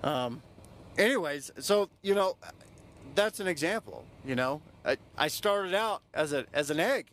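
A man's voice: a little high, lively intonation, a little slow, a bit bright, a little hiss or hum. A young man, a podcast host, telling a personal story casually, loose and profane, with lots of "you know" fillers.

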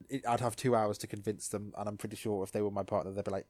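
A man co-hosting a casual recap podcast, who jumps into lively character voices as he tells the story. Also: fairly low pitch, dry recording, studio quality. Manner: animated, acts out characters in quick voices. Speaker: podcast co-host.

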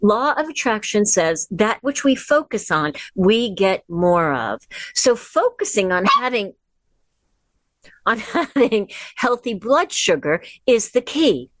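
A woman's voice: medium pitch, big pitch swings, dry recording. Chatty woman coaching from home. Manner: chatty, encouraging, slows down for imagery. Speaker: wellness host. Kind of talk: casual instructional livestream. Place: at home with her dog. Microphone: device camera.

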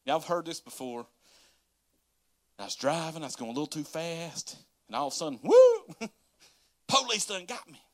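A man, a pastor telling a folksy, animated story in a sermon with laughing asides to the congregation. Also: a little high, normal speed, long pauses.

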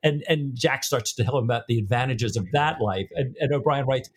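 A man talking through a novel on a casual podcast, full of enthusiasm and quick exclamations. His voice sits at an ordinary mid pitch. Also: husky. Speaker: podcast co-host. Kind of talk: casual book discussion.

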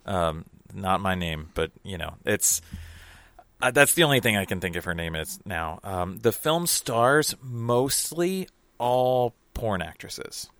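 Here a film-reviewing podcast co-host talks casually, rambling with many fillers and restarts and sounding hesitant. His voice is on the low side, a bit bright and animated, delivered slowly with no echo.

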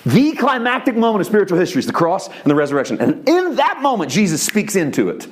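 Male pastor, animated sermon delivery, very lively intonation. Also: quick pace. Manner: animated preaching, shifts between soft low tones and raised emphasis; voices quoted speech in a conversational preacher's tone.

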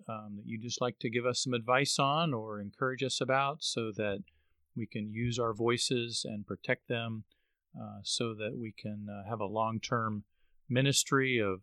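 A man's voice: mid-range voice, sharp tone, no echo. A man hosting a podcast interview, earnest and often repeating words as he goes. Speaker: podcast host.

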